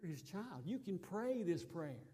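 A man preaching a sermon, emphatic and given to repeating his phrases, dropping to quiet asides and then rising again. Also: sits high, big pitch swings, a little slow, husky.

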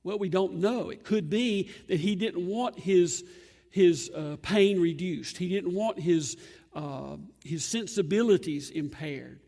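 A man preaching an earnest sermon, emphatic and pausing often between phrases. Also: high-pitched, warm tone. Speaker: pastor. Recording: long hall reverb.

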